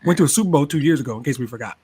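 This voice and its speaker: A man in casual sports podcast chat, animated, laughing often and repeating words as he argues his point. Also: mid-range voice, rapid-fire, slightly rough. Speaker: sports talk show regular.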